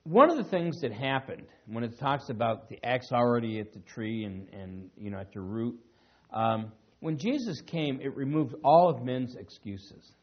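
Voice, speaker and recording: A man preaching in an easygoing teaching manner, chuckling and circling back as he explains. His voice sits at an ordinary middle pitch. The recording is dull and lo-fi. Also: lively intonation, normal speed. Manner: conversational teaching with chuckles and restarts. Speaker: pastor. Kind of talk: sermon.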